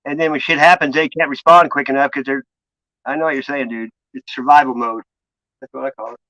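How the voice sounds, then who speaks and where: Stream host, male, bright slightly high voice, loose profane storyteller, dry sound. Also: fairly even intonation, brisk, no room sound, muffled recording. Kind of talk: casual chat.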